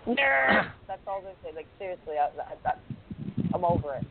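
A woman's voice: on the low side, fairly even intonation. A woman co-hosting a wrestling talk show, chatty and teasing in casual chat. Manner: chatty, teasing, quick to laugh. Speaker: podcast co-host. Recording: tinny phone line with faint hiss.

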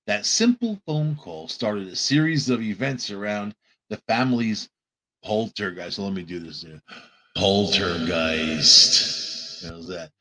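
A man's voice: fairly low pitch, sing-song, normal speed. Rambling man. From Long Island, New York. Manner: loose, joking, self-interrupting with repeated restarts. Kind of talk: casual rambling monologue.

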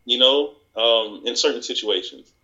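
A man guest on a podcast, telling work stories in casual chat and acting out the people he quotes in higher voices. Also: moderate pace, sharp tone, highs cut off.

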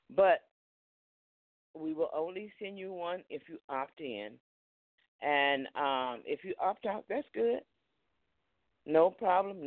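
A man hosts a live ministry program, running through announcements in a loose, chatty way and dropping amens and hallelujahs throughout. His voice sits a little high. The sound is thin and narrow, like a phone line. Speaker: ministry host and preacher.

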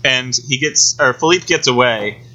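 A man's voice: medium pitch, normal speed, bright, forceful tone, highs cut off. A man co-hosting a casual film-recap chat, dry and joking, with some stammered restarts. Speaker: podcast co-host.

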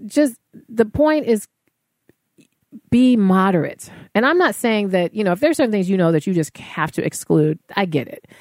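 A woman's voice: mid-range voice, darkish tone, no echo, studio quality. A woman speaking casually to fellow artists, giving encouraging wellness advice with frequent fillers. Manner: conversational, encouraging, many fillers.

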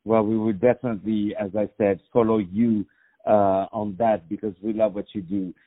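A man's voice: lowish voice, level tone, normal speed. A man hosting a casual radio interview, joking and stopping often with fillers. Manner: jokey, many fillers. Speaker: radio host. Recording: muffled lo-fi recording.

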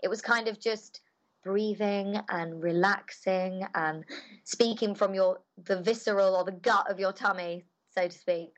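A young woman talks in a cheerful, bubbly manner. She is a voice actor giving relaxed, chatty answers in an interview. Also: medium pitch, measured pace.

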